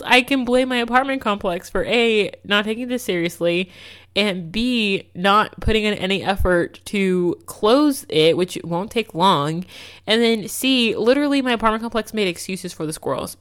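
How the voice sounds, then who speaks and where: A young woman hosting a casual solo podcast, telling stories in an animated, exasperated way with lots of fillers. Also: mid-range voice, normal speed. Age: young adult. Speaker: podcast host.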